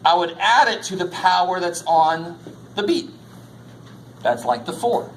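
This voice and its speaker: A man's voice: sits high, lively intonation, a little slow, slight background noise, rough recording. A man teaching a college math class in a lecture, casual and jokey, swearing now and then. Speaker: math instructor.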